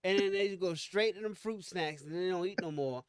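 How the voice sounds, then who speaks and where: A man with a notably high voice, co-hosting a casual podcast. He tells playful stories and slips into quick put-on voices for quotes. The sound is dry and close. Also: clear, resonant tone, no room sound. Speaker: podcast co-host. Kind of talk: casual chat.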